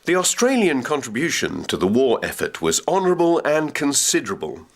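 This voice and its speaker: Man, documentary narrator, animated pitch, dramatic quotations. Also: a little fast. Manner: reads quotations with dramatic emphasis.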